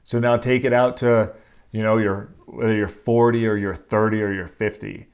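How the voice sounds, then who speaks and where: Blunt, profane man with a lowish voice. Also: flat delivery, moderate pace, clean tone. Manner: blunt and profane, with frequent filler words; emphatic and earnest, stressing key phrases. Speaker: podcast host. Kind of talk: casual motivational talk.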